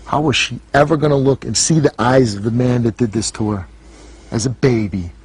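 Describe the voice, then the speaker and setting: A man's voice: medium pitch, a little fast, a little mellow, husky. A man hosting a talk show, lecturing a guest in a harsh, accusing way and repeating words for emphasis.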